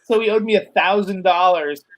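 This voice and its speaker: A man's voice: sits high, brisk, low-quality recording. A middle-aged man, a guest telling rambling anecdotes over a video call, with many fillers and laughs. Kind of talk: casual storytelling chat.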